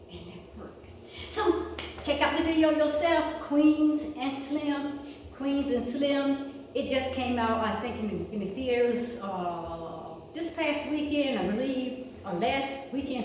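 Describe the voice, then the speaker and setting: A woman's voice: fairly high pitch, darkish tone, slight background noise. A middle-aged woman vlogging in a gym, talking in a heartfelt way and often repeating herself. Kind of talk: casual vlog talk. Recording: echoey room from far off.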